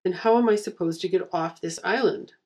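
A woman's voice: lowish voice, fairly quick, mellow, close to an everyday voice. A woman voicing a wry, sardonic young swordswoman in a spoken story. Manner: dry, sardonic.

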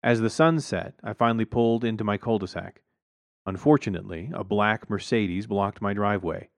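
Low-voiced man reading a wry story. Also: normal speed, gravelly, no room sound. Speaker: narrator. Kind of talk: first-person story reading.

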